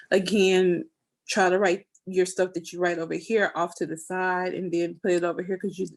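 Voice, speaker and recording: Soft, gravelly-voiced woman teaching scrapbooking. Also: lowish voice. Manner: tearful, soft-spoken, talks while working; down-to-earth, folksy. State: close to tears. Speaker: scrapbooking instructor. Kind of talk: online craft class.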